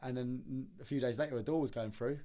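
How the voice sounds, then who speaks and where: A man, a podcast guest telling his story in casual conversation, animated and slangy, often repeating words as he acts out the dialogue. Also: mid-range voice, brisk.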